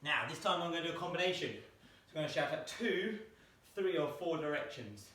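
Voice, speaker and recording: A man's voice: on the high side, lively intonation, a little fast, sharp tone, slight background noise. Guy doing a pe lesson at home, out of breath, echoey room, mic far away. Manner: counting reps aloud while jumping. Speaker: PE teacher.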